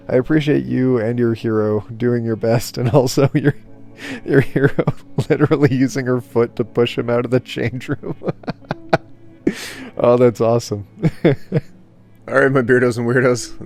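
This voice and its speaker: Chuckly guy reading reddit stories, gravelly low-toned voice. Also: darkish tone. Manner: amused, chuckling, casual. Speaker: YouTube storyteller.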